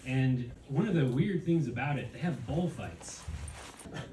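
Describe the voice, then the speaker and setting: A man's voice: mid-range voice, animated, unhurried, mellow. A young man from the United States doing a stand-up comedy set, hesitant with many fillers and chuckling at his own jokes. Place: comedy venue with live audience. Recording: echoey room, distant mic, noisy.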